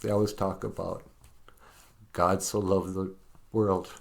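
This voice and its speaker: A man's voice: low voice, little pitch movement, takes it slowly, gravelly. A middle-aged man hosting his own vlog, rambling about art, laughing often and getting choked up with emotion. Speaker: vlogger host. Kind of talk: casual vlog commentary.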